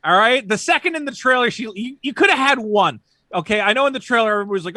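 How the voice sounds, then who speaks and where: A man's voice: high-pitched, expressive, fast talker, bright, forceful tone, no echo. A man, a sarcastic film critic, mocking a movie's lines in a playful debate. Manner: sarcastic, mocks lines in silly voices. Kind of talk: playful debate, arguing a side.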